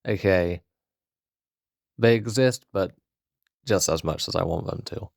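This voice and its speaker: Man reading a fan pitch, very low voice, dry close sound, casual asides. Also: measured pace, gravelly, dry recording. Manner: casual asides between narration. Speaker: fan storyteller.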